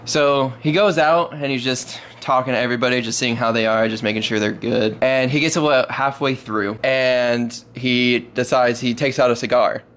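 A man's voice: mid-range voice, steady tone, normal speed, hardly any pauses, fairly bright tone, a little hiss or hum. A man telling a long joke in a casual, rambling way, often repeating his words as he goes. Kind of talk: casual storytelling.

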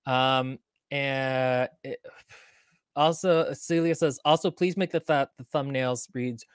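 A woman's voice: extremely low pitch, fairly even intonation, takes it slowly, clear, resonant tone, dry recording, clean studio sound. A woman co-hosting a book podcast in casual chat, reading out viewer comments between her own remarks. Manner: reads out viewer comments, chatty with fillers.

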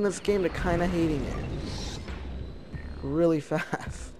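A man giving casual, excitable gameplay commentary, prone to frustrated outbursts and slang. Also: a little high, slow pace, a little hiss or hum. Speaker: let's play gamer.

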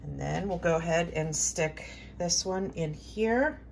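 A woman with a fairly low voice talks her viewers through a home craft at her kitchen counter. She explains each step in an easygoing, conversational way, pausing with fillers and correcting herself as she works. A faint noise hums under the recording. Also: creaky. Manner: chatty, thinking aloud with fillers and restarts. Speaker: host of a home cooking and preparedness channel. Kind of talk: casual how-to demonstration.

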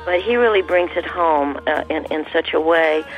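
A woman, a guest singer on a radio interview, speaking in halting phrases with frequent restarts. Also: sits low, narrow, tinny audio, soft background music. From American South.

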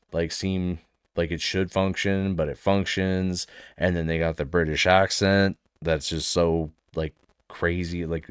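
A man's voice: deep voice, clear, resonant tone, no echo, studio quality. A man hosting a reaction video, chatting casually and enthusiastically, laughing often as he rambles.

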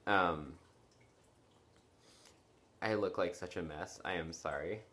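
A sleepy teenage boy talks to his camera from his bedroom, his voice sitting quite low. He rambles and apologizes, stalling on ums and restarting his sentences. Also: slow pace, fairly bright tone. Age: late teens. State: tired and yawning. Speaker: vlogger. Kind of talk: casual chat to camera. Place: bedroom at home.

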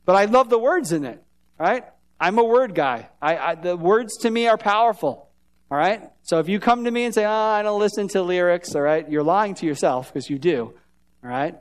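A man with a notably high voice preaches to his church as pastor. His delivery is conversational and often turns to the congregation with questions. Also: animated, moderate pace. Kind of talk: sermon. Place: church sanctuary.

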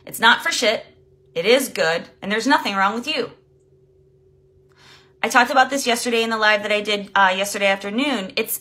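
Woman life coach, bright voice pitched a little high, blunt live-stream talk with plenty of swearing. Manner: blunt and emphatic, swears freely; greets viewers by name while talking.

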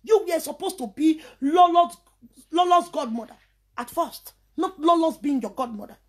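A Nigerian woman with a high voice rants into her vlog, scornful and insulting. She keeps breaking into sing-song chanted taunts between her jabs. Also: animated, moderate pace. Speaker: vlogger. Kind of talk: heated ranting vlog.

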